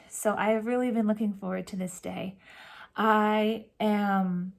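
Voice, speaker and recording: A woman hosting a cross-stitch vlog, chatting warmly and emotionally to camera from home, with soft whispered asides. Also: mid-range voice, steady tone, unhurried, creaky. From California. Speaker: Flosstube host. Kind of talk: casual chat to camera.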